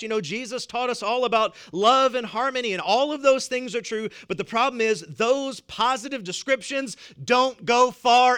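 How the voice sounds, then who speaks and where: Bright, clear-voiced Southern US preacher man. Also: very high voice. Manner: emphatic, repeats words, chuckles between points. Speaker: pastor. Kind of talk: sermon. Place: church.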